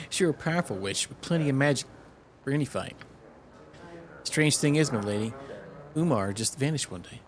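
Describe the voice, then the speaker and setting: With a medium-pitched, lightly acted delivery, a man reads game dialogue as a pompous, boastful innkeeper who tells tales in a theatrical, old-fashioned manner.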